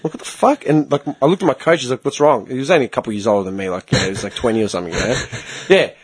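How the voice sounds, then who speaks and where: A man telling a story in a casual chat, animated, swearing a lot and laughing often. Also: mid-range voice, racing, slightly rough.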